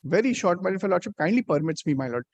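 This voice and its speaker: A man's voice: high voice, lively intonation, racing, a little mellow, dry recording, lo-fi sound. A man pleading before a court as an advocate, insistently repeating his deferential address.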